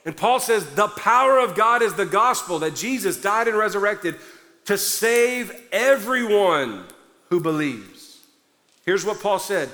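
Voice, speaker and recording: A man preaching a sermon with a high, bright, forceful voice, hammering each point with fervent emphasis. His voice rings through a large church hall with a long reverb trail. He sounds a little out of breath as he pushes on. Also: lively intonation, measured pace. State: somewhat out of breath. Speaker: pastor.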